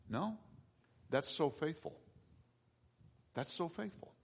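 A middle-aged man preaching with a lively voice that climbs and dips across a wide range and sits slightly high for a man. He punches key lines loudly, then drops into quiet asides. He acts out his own prayers and the voices he quotes. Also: moderate pace, slight background noise. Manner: animated, swings between loud emphasis and quiet asides. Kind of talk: sermon.

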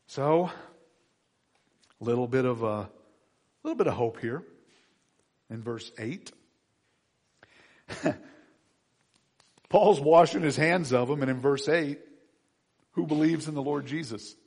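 A man's voice: mid-range voice, moderate pace, long pauses. A man preaching a conversational sermon to his congregation, acting out quotes and asking them questions. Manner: animated, acts out quotes, asks the congregation questions. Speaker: pastor.

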